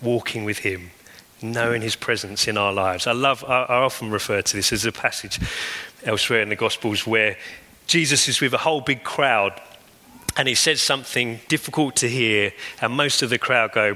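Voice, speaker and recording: With animated delivery at normal speed, a pastor gives an earnest sermon and layers repeated phrases for emphasis. The long reverb of a big church hall surrounds his bright, forward, mid-pitched voice.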